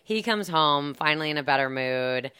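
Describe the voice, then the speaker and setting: A woman's voice: sits low, expressive, moderate pace, sharp tone, clear, resonant tone. A woman casually recapping a film plot in a chatty, sarcastic way, full of fillers and asides. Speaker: podcast co-host recapping a film. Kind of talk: casual chat.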